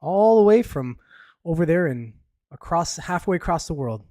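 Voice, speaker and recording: A man's voice: fairly high pitch, animated, moderate pace, warm tone, no room sound, studio quality. A man from Canada hosting a live podcast, rambling through news topics in blunt, casual talk with swearing and nervous laughs. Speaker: podcast host. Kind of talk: casual live-stream commentary.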